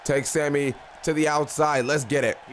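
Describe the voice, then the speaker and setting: A young man giving casual, excitable play-by-play commentary on a video game, talking slangily to the characters on screen. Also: on the high side, moderate pace. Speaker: gaming YouTuber.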